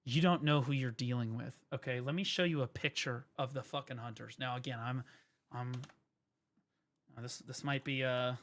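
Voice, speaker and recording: A man's voice: mid-range voice, normal speed. A man streaming, ranting and mocking in a profane comedic style at a desk microphone. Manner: profane, mocking, lively rant.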